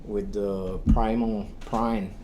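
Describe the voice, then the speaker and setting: A man's voice: fairly low pitch, extremely slow, very noisy. A man in a casual podcast chat, talking loosely with many fillers. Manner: relaxed, rambling, with many fillers.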